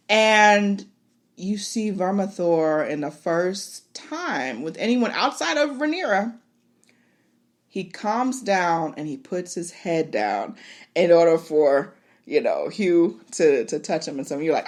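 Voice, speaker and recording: Lively, low-pitched woman recapping with animation. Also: moderate pace. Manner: animated, laughing, exclaiming at the story. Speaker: podcast host. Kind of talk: casual episode recap.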